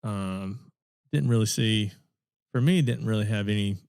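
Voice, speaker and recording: A podcast co-host chats casually about wrestling in a low-leaning, unhurried voice that is gravelly, darkish, clear, and resonant. He rambles, laughs often, and is full of fillers and restarts.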